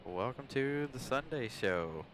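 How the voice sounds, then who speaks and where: A man's voice: mid-range voice, lively intonation, a little slow. A man hosting a casual live stream from an airport, chatting and laughing with viewers, recorded on a phone outdoors. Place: outdoors by an airport on a windy day. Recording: loud outdoor wind noise. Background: loud wind and vehicle noise.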